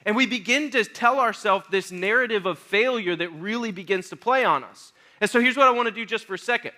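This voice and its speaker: Bright high-voiced male youth pastor. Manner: playful, self-mocking, acts out scenes with voices and sounds; earnest and direct when addressing the audience. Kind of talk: youth sermon with comic storytelling.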